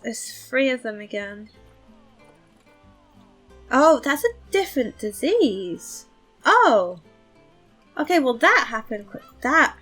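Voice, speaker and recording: A woman's voice: high-pitched, big pitch swings, slow pace, long pauses, fairly bright tone, soft background music. A woman giving casual commentary while playing a game, chatty, thinking aloud and poking fun at herself. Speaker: let's play host.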